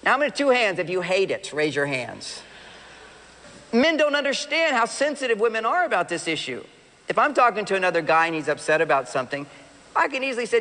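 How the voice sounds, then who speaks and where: A man giving a lively live seminar talk, speaking straight to the audience and acting out what partners say. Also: sits high, fairly quick. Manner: animated, acts out quoted partners and addresses the audience directly. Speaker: relationship speaker. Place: large hall with a live audience. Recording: long hall reverb.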